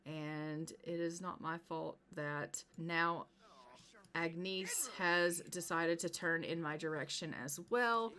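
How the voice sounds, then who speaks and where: A woman voicing a smug, self-assured man in a life-sim game, talking down to a rival in a low voice. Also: takes it slowly, sharp tone, slight background noise. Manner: smug, dismissive.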